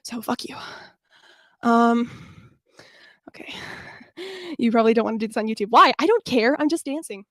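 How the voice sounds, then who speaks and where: A woman's voice: a little high, normal speed, long pauses, a bit bright, dry recording, clean studio sound. A young woman streaming in casual chat, out of breath, blunt and self-deprecating.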